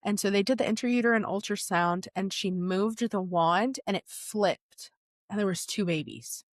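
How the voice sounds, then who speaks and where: A woman's voice: medium pitch, moderate pace, no room sound. Young woman telling her story, dry sound. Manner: animated retelling, laughs often, acts out quotes. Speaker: podcast guest. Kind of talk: personal storytelling.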